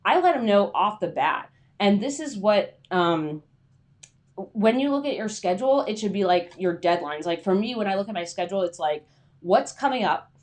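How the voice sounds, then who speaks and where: A woman's voice: medium pitch, lively intonation, moderate pace. A young adult woman hosting a casual livestream, chatty and rambling with lots of filler words. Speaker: freelance writer hosting a livestream.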